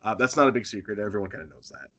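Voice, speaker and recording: Animated, lively-pitched man telling stories. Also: very fast. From Northern Maine. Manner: animated storyteller, chuckles often. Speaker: pro wrestler guest. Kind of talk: casual interview chat.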